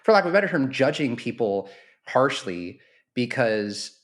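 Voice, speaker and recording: Male podcast guest, animated and conversational, mid-range voice. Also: mid-range voice, moderate pace. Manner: animated, self-correcting. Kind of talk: casual conversational reflection.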